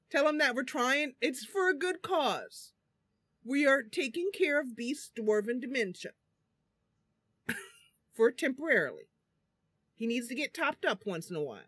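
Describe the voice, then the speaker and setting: Woman, game streamer, unhurried, giggly, chatty, dry close sound. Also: high voice, big pitch swings, fairly bright tone, slightly rough, dry recording. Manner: giggly, chatty, frequent laughs. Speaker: streamer playing a role-playing game. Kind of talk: casual gameplay livestream with read-aloud dialogue.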